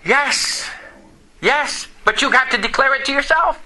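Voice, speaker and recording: Preacher, male, very high and piercing voice, emphatic, quizzes the congregation. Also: unhurried, poor audio. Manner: emphatic, questions the congregation, rises to shouting. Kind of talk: sermon. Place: church service.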